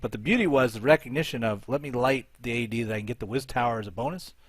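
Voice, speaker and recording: A man's voice: medium pitch, fast talker, no room sound. A man hosting a live show, commentating game attack replays and thinking aloud as he looks for each one.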